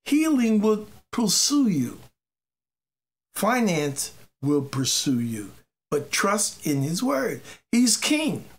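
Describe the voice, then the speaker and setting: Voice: medium pitch, big pitch swings, takes it slowly. A faith teacher giving an informal sermon, emphatic and repetitive, mixing personal testimony with exhortation and sometimes stumbling over words. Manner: emphatic, repeats key phrases, stumbles on words. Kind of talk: informal preaching monologue.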